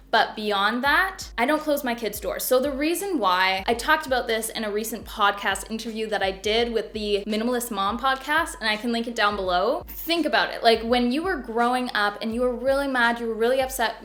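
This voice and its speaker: A woman's voice: a little high, a bit bright. Chatty, upbeat young woman vlogging. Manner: chatty and upbeat, laughing often, firm on points. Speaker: parenting vlogger. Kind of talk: casual talking-to-camera vlog.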